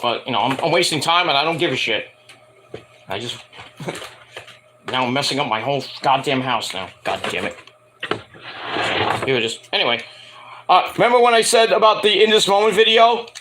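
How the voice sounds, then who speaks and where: A man rambling casually to camera, swearing freely and acting out quoted people in higher voices. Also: moderate pace, long pauses, noisy background. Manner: animated, profane, acts out quotes in higher voices. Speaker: wrestling and music vlogger.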